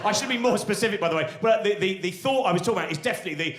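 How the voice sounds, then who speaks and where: A man performs stand-up live on a big theatre stage, rambling excitably and slipping into the voices of his own thoughts. His voice sits high and leaps all over the place. The hall rings around him, with laughter from the crowd. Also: racing, few pauses, slight background noise. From England. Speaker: stand-up comedian. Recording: roomy live theatre sound. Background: audience laughter.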